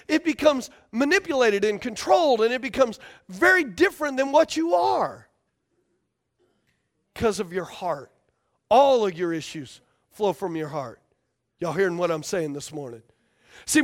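High-voiced man preaching a sermon. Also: a bit bright. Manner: emphatic, repetitive, asks the congregation for responses. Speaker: pastor.

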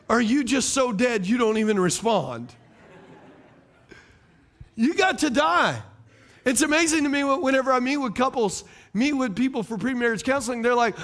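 A man's voice: extremely high pitch, normal speed, fairly bright tone. A middle-aged male pastor preaching a sermon, repeating key phrases and throwing questions at his congregation. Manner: preaching cadence, fires rhetorical questions at the congregation.

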